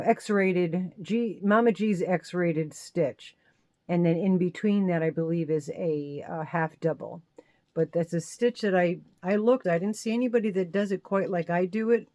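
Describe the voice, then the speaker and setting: A chatty woman hosts a casual crochet show-and-tell, her voice sitting a little low for a woman. She rambles and corrects herself, laughing a little along the way. The sound is dry and close, with no room echo. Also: mellow. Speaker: crochet channel host.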